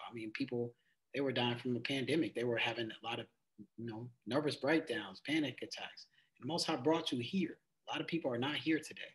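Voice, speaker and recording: A man's voice: medium pitch, poor audio. Man teaching scripture in loose conversational talk. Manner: conversational, loose phrasing with frequent "it's like"; reads verses aloud in old-fashioned wording, then explains them plainly. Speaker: Bible study teacher. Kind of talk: casual Bible study teaching with scripture reading.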